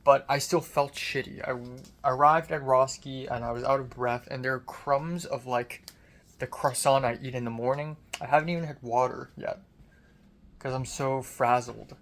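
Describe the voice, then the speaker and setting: A young man, a college student, in a casual video diary, his voice deep and strained after screaming, frustrated and self-critical, swearing often. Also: steady tone, moderate pace, a bit bright. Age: young adult.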